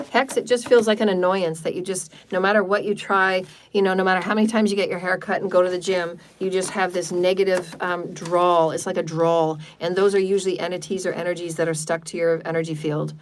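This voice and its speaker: A woman's voice: fairly low pitch, steady tone, brisk, slight background noise. A woman spiritual healer on a livestream, leading a guided healing meditation and chatting afterwards, often repeating words and phrases in runs. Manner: speaks in chanted syllables. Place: home livestream.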